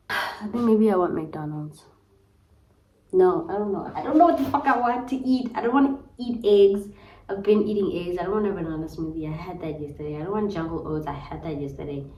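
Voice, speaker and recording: Speaking to her camera in a casual vlog, this young South African woman is chatty and dramatic, full of slang and frequent laughter. Her voice sits lowish and mellow, moving a little fast.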